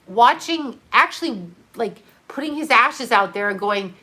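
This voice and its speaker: A middle-aged woman livestreaming alone, grieving and halting, stopping and restarting her sentences and filling gaps with fillers. Her voice is bright and forceful, and she talks slowly and unscripted, dropping casual swear words. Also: a little high. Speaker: livestream host reading viewer comments.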